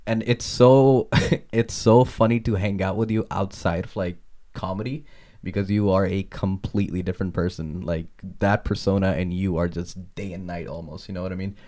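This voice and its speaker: A man hosting a casual podcast interview, eager and quick to laugh, asking long, rambling questions. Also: deep voice, steady tone, mellow. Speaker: podcast host.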